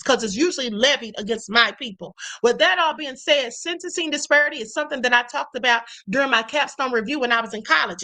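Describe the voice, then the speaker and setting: A woman's voice: high voice, sharp tone. A young woman hosting a live stream, reading viewer comments and speaking emphatically about justice. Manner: emphatic, preachy, reads comments aloud.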